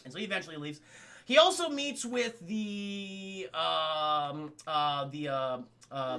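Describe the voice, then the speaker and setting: Young male streamer, high gravelly voice, bright and excitable, profane, chatty recap. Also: unhurried, faint music behind. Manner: excitable, profane, keeps addressing chat. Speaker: streamer and film reviewer. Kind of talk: casual live-stream film recap.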